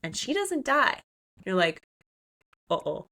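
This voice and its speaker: A woman co-hosting a podcast, recapping a book in casual chat, animated and swearing, acting out the characters' lines. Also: medium pitch, normal speed. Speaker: podcast co-host.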